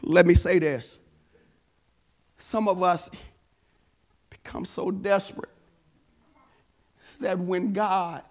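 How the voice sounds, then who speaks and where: A male pastor preaching a sermon, telling a personal story and building to emphatic exhortation. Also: sits high.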